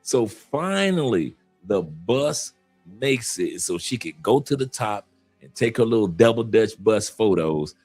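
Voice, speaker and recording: A man from Detroit, a guest in a casual live chat, telling stories in an animated way and laughing often. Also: on the low side, a little slow, husky, soft background music. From Detroit, USA.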